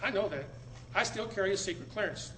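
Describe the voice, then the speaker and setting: A man giving a public talk to a live audience in a room, emphatic, repeating words and swinging between loud and low. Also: quick pace, noisy background. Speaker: speaker addressing an audience.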